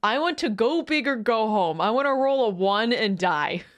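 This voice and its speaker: A woman streaming a casual reaction, excitable and quick to laugh and swear. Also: on the high side.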